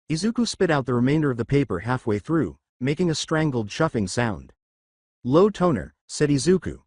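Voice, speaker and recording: A man narrates a comic fan-fiction story with brisk, storytelling flair. His pitch moves lively up and down, and the close mic gives a dry, dead sound with no room echo.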